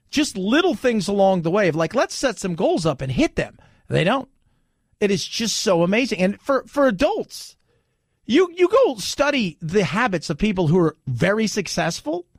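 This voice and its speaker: A middle-aged man hosting a casual talk radio show, rambling and animated, reading ads and chatting. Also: sits high, no room sound, studio quality. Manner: rambling, animated, mimics voices.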